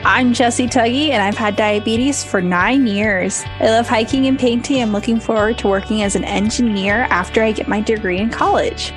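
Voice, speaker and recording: A woman's voice: fairly high pitch, moderate pace, few pauses, music in the background. A young woman in college co-hosting a podcast, chatty and earnest, with many fillers. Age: young adult. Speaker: podcast co-host. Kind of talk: podcast chat.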